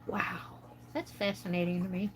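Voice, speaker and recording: Coloring at home on a casual livestream, this American host from the United States chats and wanders from topic to topic with her viewers. She speaks at a normal rate in a lowish voice with little rise and fall. The low-quality recording has a faint hiss or hum.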